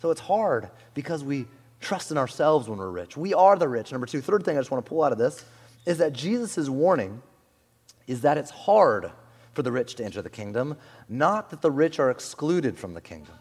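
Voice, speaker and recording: A man preaching a sermon in a conversational, animated way, often saying "like" and "you know", in a church hall. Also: medium pitch, moderate pace, breathy edge. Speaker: pastor.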